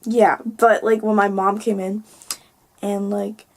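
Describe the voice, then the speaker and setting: A teenage girl talks straight into her phone camera, venting with an exasperated, filler-heavy flow. Her mid-range voice carries a gravelly edge, and she often trails off quietly. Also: medium pitch, level tone, slow. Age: teens. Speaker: vlogger. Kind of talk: casual vlog monologue.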